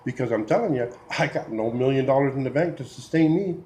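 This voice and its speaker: A man rants to camera with mounting exasperation, stumbling over restarts and letting out sighs. His voice is mellow and dark in tone, yet it swings widely in pitch as he works himself up. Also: lively intonation, fast, a little hiss or hum, rough recording. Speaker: video blogger. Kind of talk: opinion rant to camera.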